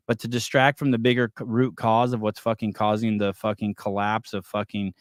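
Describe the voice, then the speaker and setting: A man hosting a call-in podcast talks in blunt, profane bursts. His voice is smooth and resonant at a middle pitch. The sound is close and dry. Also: level tone, fairly quick, no echo. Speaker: podcast host. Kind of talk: casual call-in chat.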